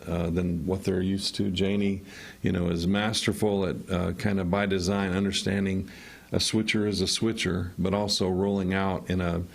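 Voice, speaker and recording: Deep-voiced guy teacher explaining things on a radio show. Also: vocal fry. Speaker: teacher and coach. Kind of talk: radio interview guest.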